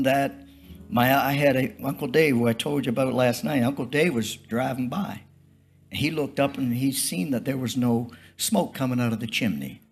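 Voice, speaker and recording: An older man preaching a testimony-style sermon, telling stories in a folksy, rambling, repetitive way. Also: mid-range voice. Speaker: traveling preacher.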